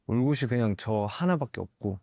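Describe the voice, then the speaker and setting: A young man, a singer, giving candid interview answers in a thoughtful, halting way with soft laughs. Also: mid-range voice, lively intonation, no echo, clean studio sound.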